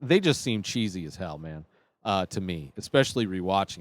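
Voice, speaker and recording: A man's voice: low-pitched, lively intonation, moderate pace, dry recording. A man, hosting a show and talking casually on his own, enthusiastic and rambling with lots of restarts. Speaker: podcast host. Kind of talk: casual solo commentary.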